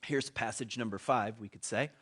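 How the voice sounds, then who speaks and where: A pastor preaches conversationally in a mid-range, fairly bright voice at a normal pace. He acts out the voices of people in his story and drops his voice for asides.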